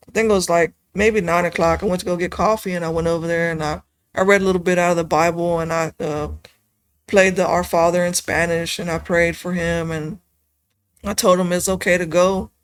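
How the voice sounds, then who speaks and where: A woman guest on a podcast, talking casually and rambling with lots of "you know" and "like", going soft and subdued over hard memories. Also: lowish voice, steady tone, fairly quick, clear, resonant tone, no echo. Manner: soft, subdued when telling sad parts. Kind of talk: casual conversation.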